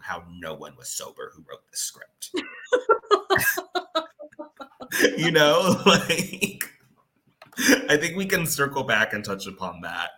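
Animated bright-voiced man recapping a movie. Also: fairly low pitch. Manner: animated, many "like" fillers. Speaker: podcast co-host. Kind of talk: casual movie recap chat.

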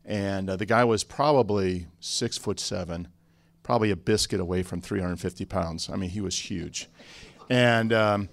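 Low-voiced man telling stories dryly. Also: dry recording. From Chicago area. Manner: relaxed storyteller, joking asides. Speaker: pastor on a conference panel. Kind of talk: conference panel storytelling.

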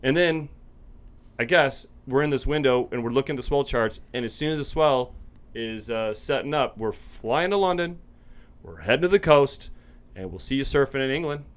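Male podcast host, excitable, casual, average pitch. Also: normal speed, clean tone. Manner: excitable, laughs often.

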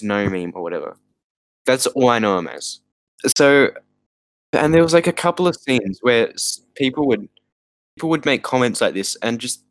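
A man's voice: medium pitch, a bit bright, dry recording, poor audio. A man co-hosting a podcast, chatting casually about a bad movie with rambling, exasperated asides and laughter. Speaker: podcast co-host. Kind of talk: casual movie review chat.

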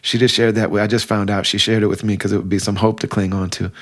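A man's voice: fairly low pitch, flat delivery, quick pace. A middle-aged man telling a personal story in casual, heartfelt conversation, with many fillers. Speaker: podcast guest telling a story.

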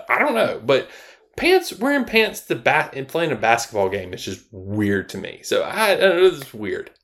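A man in his thirties co-hosts a casual podcast chat. His pitch swings widely as he tells stories, and it leaps up high whenever he quotes people. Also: moderate pace, vocal fry. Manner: animated storytelling, jumps high when quoting people. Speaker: podcast co-host.

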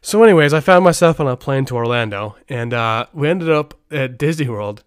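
A man's voice: medium pitch, expressive, brisk, clean tone, no echo, studio quality. A middle-aged man hosting a podcast, telling stories in a rambling way with many restarts. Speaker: podcast host. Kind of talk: casual podcast storytelling.

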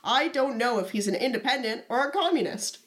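A woman's voice: on the high side, lively intonation, a little fast, a bit bright. A young woman co-hosting a casual chat, reading old diary entries aloud in a playful, teasing way.

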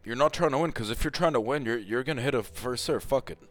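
A man's voice: mid-range voice, fast, fairly bright tone, faint music behind. A man giving a casual, heated rant with lots of swearing and emphatic repetition, as a tennis commentator.

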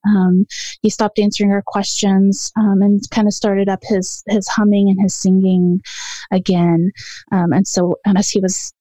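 A woman calling in to tell a childhood ghost story in a casual, halting way, full of ums and restarts. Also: medium pitch, little pitch movement, warm tone, dry recording. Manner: hesitant, many ums and restarts. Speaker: caller sharing a ghost story.

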